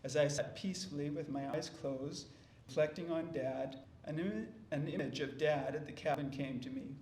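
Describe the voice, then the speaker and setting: A man giving a memorial speech and reading a poem, gentle and reflective, with small slips. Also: on the high side, normal speed, reverberant, a little hiss or hum. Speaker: family member giving a eulogy.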